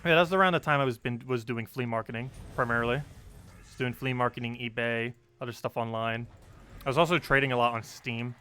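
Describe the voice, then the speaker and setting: Young man, casual live-stream chat, bright tone, smooth clear voice. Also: medium pitch, fairly even intonation, brisk. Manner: chatty, laughs often, reads chat aloud. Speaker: game streamer.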